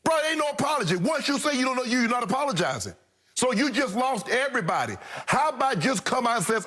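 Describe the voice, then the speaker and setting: A man's voice: sits high, sing-song, fast talker, fairly bright tone. A man co-hosting a sports talk show, arguing emphatically in blunt, slangy debate commentary. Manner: emphatic, blunt, slangy, repeats points for punch.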